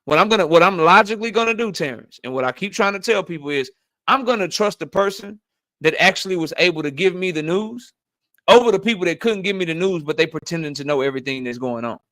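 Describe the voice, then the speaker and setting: A man's voice: sits high, expressive, quick pace, a bit bright, dry recording. A middle-aged man hosting a channel, arguing his point insistently and with a lot of profanity in a heated debate. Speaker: channel host.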